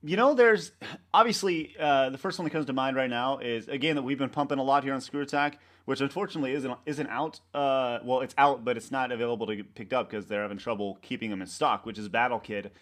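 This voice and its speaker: Man, interview guest, casual chat, rambling, lots of restarts, mid pitch. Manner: rambling, halting with many restarts and fillers; animated storyteller acting out coworkers' lines. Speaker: website co-founder, interview guest.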